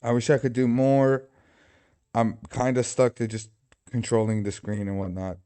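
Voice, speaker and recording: A man's voice: mid-range voice, little pitch movement, moderate pace, warm tone, smooth. A man hosting a livestream, talking casually and joking, swearing freely. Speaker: livestream host. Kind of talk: casual live commentary.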